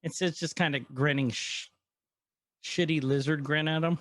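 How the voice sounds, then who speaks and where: A man's voice: fairly high pitch, normal speed. A man co-hosting a casual podcast, animatedly retelling an episode and quoting its characters. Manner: animated retelling with quoted lines. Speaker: podcast co-host. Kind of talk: casual chat recapping an episode.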